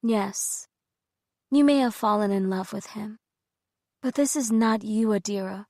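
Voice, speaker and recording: A woman's voice: on the high side, takes it slowly, a little mellow, no room sound, clean studio sound. Woman voicing a soothing, firm caretaker. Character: calm, soothing middle-aged female caretaker. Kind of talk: audiobook character voice.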